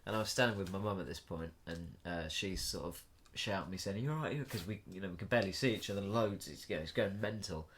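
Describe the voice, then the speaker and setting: A young man, co-hosting a podcast, telling a lively anecdote with swearing and laughter. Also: sits low, quick pace, few pauses, slight background noise. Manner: animated storyteller, swears and laughs mid-anecdote. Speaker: podcast co-host. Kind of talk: casual chat.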